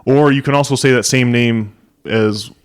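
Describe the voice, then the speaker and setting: A man's voice: mid-range voice, fairly even intonation, normal speed, clean tone. A man hosting a podcast in casual chat, rambling with frequent fillers, restarts and chuckles. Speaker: podcast host.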